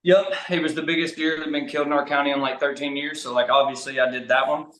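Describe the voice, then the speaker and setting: Animated man telling hunting stories. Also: a little high. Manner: animated, talks fast in bursts, laughs mid-story. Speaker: podcast guest, bowhunter. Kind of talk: casual storytelling chat. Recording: roomy echo.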